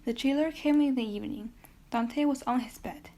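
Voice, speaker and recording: A woman's voice: on the high side, moderate pace. Woman reading a classic novel aloud. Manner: steady narration with occasional self-corrections. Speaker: audiobook reader.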